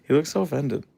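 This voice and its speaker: A man with a gravelly, fry-edged voice hosts a casual pet livestream. His pitch swings widely as he chats with viewers and slips into playful high baby-talk with his dog. He sounds a bit sleep-deprived but upbeat. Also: warm tone. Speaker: livestream host with pet huskies. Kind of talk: casual livestream chat to pets and chat.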